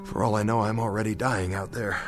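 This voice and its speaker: An actor playing a stranded, shaken pilot who rambles over the radio in a radio drama, asking himself questions. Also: male voice, on the low side, steady tone, fairly quick, lightly acted. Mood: shaken, rambling. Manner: rambling, questioning, half-laughing monologue. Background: music score.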